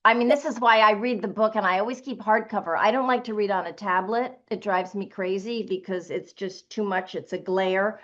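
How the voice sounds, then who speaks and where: A woman's voice: mid-range voice, a bit bright. Woman, audiobook narrator, emphatic, opinionated, panel talk, muffled lo-fi sound. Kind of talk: panel discussion. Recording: dull lo-fi recording.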